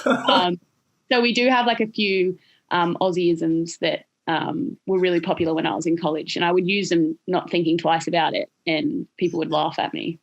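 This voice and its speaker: A young Australian woman, a guest on a casual podcast, who tells her stories with lots of laughter and lively delivery. Her voice sits a little low for a woman. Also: moderate pace, vocal fry. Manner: laughs often, animated storytelling. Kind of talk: casual chat.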